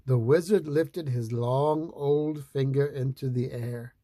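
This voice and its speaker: Storyteller: a man, playful read-aloud, slow, dry close mic. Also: medium pitch, dark tone, dry recording. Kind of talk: reading a picture book aloud.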